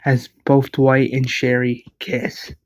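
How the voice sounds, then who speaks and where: A man's voice: medium pitch, monotone, slow pace. A man casually retelling his own fan-fiction story, rambling with many fillers.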